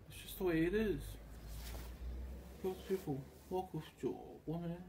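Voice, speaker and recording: Slipping into quick impressions of the people he encountered, a vlogger tells a loose, crude, wandering story in a casual manner. He sounds slightly high-pitched but mellow and warm, and a faint hum of noise runs beneath him.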